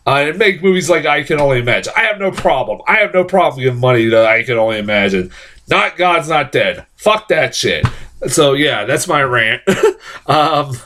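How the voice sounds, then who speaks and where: A man giving a casual, heated film review, swearing often, laughing through his rants and filling pauses with "um" and "like". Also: medium pitch, animated, a bit bright, a little hiss or hum. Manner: profane, heated, laughing rants with frequent fillers.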